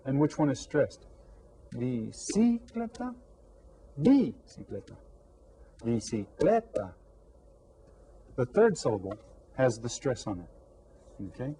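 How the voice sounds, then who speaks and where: A man teaching a lesson to young pupils, repeating words slowly and clearly. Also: mid-range voice, darkish tone, poor audio. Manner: slow, drawn-out repetition of words. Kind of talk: classroom lesson to children.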